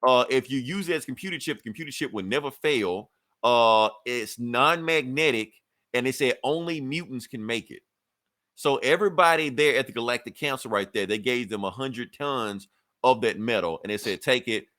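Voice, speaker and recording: A man's voice: medium pitch, moderate pace, sharp tone, dry recording. A man casually recapping a comic book on a podcast, acting out the characters' lines and swearing freely. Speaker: podcast co-host reviewing comics.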